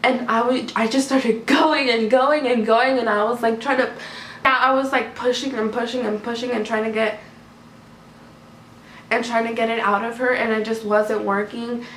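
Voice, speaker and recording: A woman's voice: fairly high pitch, steady tone, moderate pace, fairly bright tone. Chatty young woman vlogging in an echoey room. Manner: chatty, rambling, many "like" fillers. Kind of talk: casual storytime. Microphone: camera mic. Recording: echoey room, faint background noise.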